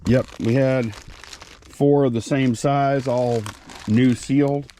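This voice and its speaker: A middle-aged man talks through his resale finds in a relaxed, meandering way, drifting into asides. His voice sits at a plain middle pitch. Faint noise hangs behind him. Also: takes it slowly. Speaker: reseller co-host. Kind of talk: casual chat.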